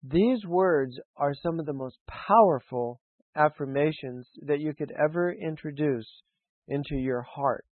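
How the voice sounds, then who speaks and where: A man delivers a sermon in a slow, deliberate cadence, leaving long pauses between phrases. His voice sits a little higher than most men's. The sound is dry and narrow, like a phone line. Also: dry recording. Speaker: preacher. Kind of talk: sermon with spoken affirmations.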